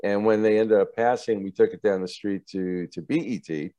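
A man's voice: lowish voice, normal speed, no echo. A man, a TV producer, casually recounting stories from his career in an interview, acting out the voices of the people in them and laughing often. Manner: animated, acts out quoted voices, laughs often.

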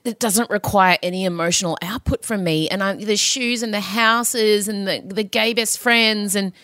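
A woman, hosting a podcast in lively casual chat, laughing and swearing freely. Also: mid-range voice, normal speed, no echo, studio quality. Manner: animated, swearing, lots of laughter. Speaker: podcast host.

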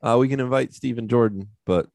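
A man's voice: mid-range voice, brisk, vocal fry, a little mellow, dry recording, clean studio sound. A man co-hosting a podcast, chatting casually and retelling movie scenes in a loose, profane way. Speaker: podcast co-host. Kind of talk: casual chat.

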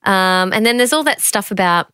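Bubbly woman with a lively voice. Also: mid-range voice, moderate pace, clean tone, no echo, clean studio sound. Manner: bubbly and animated, playful. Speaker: podcast co-host. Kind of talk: casual chat.

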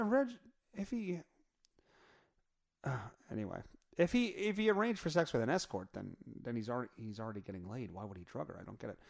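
A man hosting a podcast, riffing crudely through a news story in a rambling, profane, off-the-cuff way. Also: fairly high pitch. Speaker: podcast host. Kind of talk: crude comedic news rant.

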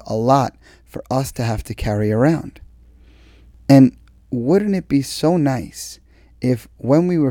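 Earnest man with a mellow voice. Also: medium pitch, no room sound, clean studio sound. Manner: earnest, conversational, stretches key words for emphasis. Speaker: speaker sharing advice on exercise and mindset. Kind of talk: motivational monologue.

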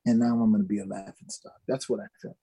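A man's voice: lowish voice, fast, slightly rough, dry recording. A man from Minnesota, a guest musician, telling a story in an interview and acting out the voices of the people in it. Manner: animated, acts out quoted voices.

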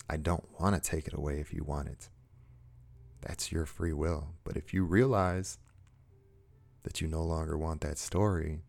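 A man speaking earnestly to his viewers in a motivational monologue, slow and emphatic, repeating short phrases. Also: extremely low pitch, vocal fry, a little mellow. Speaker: self-help speaker.

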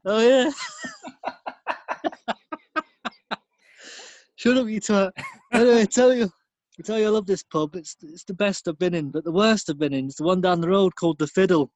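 A man's voice: sits high, normal speed, pauses often, darkish tone, dry recording, close to an everyday voice. Man doing a rambling northern pub bore. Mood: jovial. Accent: northern English. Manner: rambling, pun-telling, beery banter. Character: chatty pub regular telling bad jokes, man.

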